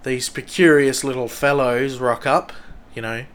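A young man with an Australian accent hosting a podcast, telling rambling stories full of swearing and loudly acted-out quotes. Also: medium pitch, fairly even intonation, a little slow, smooth. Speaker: podcast host. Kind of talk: casual storytelling.

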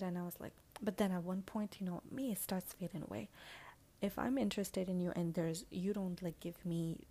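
A young woman vents about a dating letdown in a loose, confessional vlog. Her voice is mellow and warm, and she talks frankly and swears freely. She keeps saying "like" and now and then slips into a hushed aside. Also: fairly low pitch. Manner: frank and animated, heavy use of "like", swears freely. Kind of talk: casual storytelling vlog.

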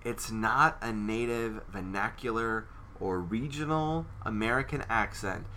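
A man's voice: lowish voice, measured pace, sharp tone, slight background noise. A man co-hosting a casual movie chat, wry and playful, often breaking into laughter. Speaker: podcast co-host.

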